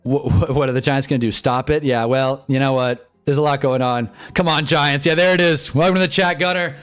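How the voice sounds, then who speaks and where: A young man hosting a live stream, commenting on a football game as he watches, swinging from glum muttering to excited shouting. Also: mid-range voice, brisk, smooth, soft background music.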